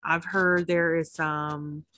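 A woman podcast co-host in casual chat, talking fast with swearing and animated asides. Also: low-pitched, slight background noise. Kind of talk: casual chat about reality TV.

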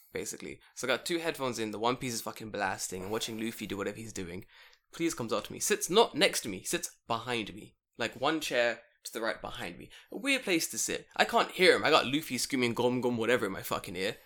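A man telling a profane, animated story in casual chat among friends. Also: mid-range voice. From foreigner living in Japan.

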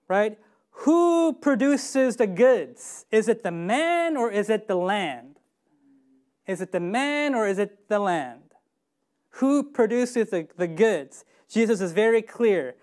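A woman's voice: medium pitch, darkish tone. A woman preaching a sermon, emphatic and often putting questions to her listeners. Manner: emphatic, asks the congregation questions.

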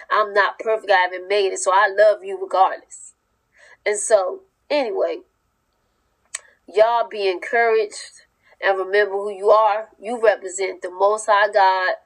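This is a woman of medium pitch, preaching fervently and emphatically over a low-quality recording. Her teaching takes a sermon style, casual in tone, with verb endings often dropped.

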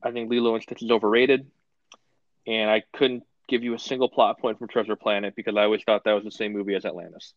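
A man's voice: on the low side, level tone, fast talker, no room sound. A young man co-hosting a podcast, chatting casually with dry, offhand remarks. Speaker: podcast co-host. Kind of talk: casual chat. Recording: dry, dull lo-fi audio.

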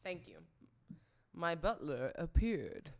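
A young woman hosting a casual livestream, loud and laughing, swearing often as she chats to her viewers. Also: lowish voice, big pitch swings, slow pace, very noisy. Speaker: livestream host.

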